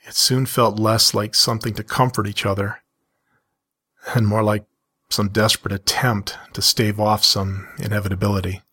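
A middle-aged man reading his own first-person story in a measured, steady way, then talking frankly to listeners. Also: fairly low pitch, slightly rough.

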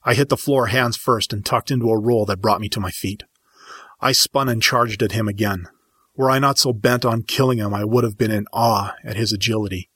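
A man narrating a first-person story in a measured, dramatic audiobook style. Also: lowish voice, fairly even intonation, fairly bright tone, husky, no room sound, clean studio sound.

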